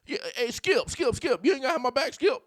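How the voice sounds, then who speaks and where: A man doing a brash, loud guy begging his buddy for backup. He talks fast and loud, his voice rises into sudden high cries, and the sound is dry and close. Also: animated, no room sound. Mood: pleading. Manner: loud, rapid, pleading.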